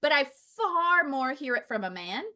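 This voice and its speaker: A woman host with a high, bright voice talks in a casual, expressive way. Her pitch swings widely as she agrees eagerly and laughs readily. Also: moderate pace. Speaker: podcast host. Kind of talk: casual faith conversation.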